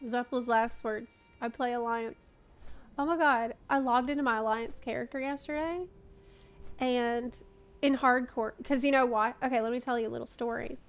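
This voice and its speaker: Woman streamer in her 30s, high voice, unhurried, laughs often and swears casually, faint game music underneath. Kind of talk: casual live-stream chat while gaming.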